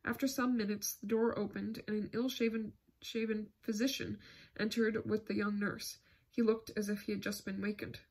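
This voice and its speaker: Brief: woman audiobook narrator, husky, steady literary reading. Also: medium pitch, normal speed. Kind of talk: scripted narration.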